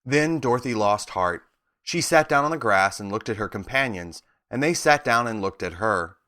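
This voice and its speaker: Expressive male storybook narrator. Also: fairly low pitch, moderate pace.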